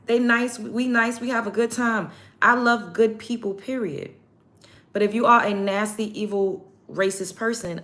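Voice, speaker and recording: Blunt, emphatic low-voiced woman host. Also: bright, forceful tone. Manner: emphatic, blunt, repeats points for stress. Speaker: show host. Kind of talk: casual get-ready-with-me livestream talk.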